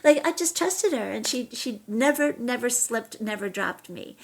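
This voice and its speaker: A middle-aged actress chatting as an interview guest, telling animated stories and often restarting her sentences. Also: on the high side, moderate pace, creaky. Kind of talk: casual interview chat.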